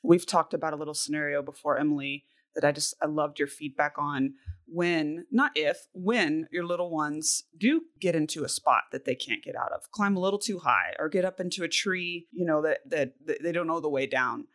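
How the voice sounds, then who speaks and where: A woman hosts a casual parenting podcast, her voice low-set, a bit bright, and moderately paced. She asks her co-host questions and offers her own thoughts in an encouraging manner.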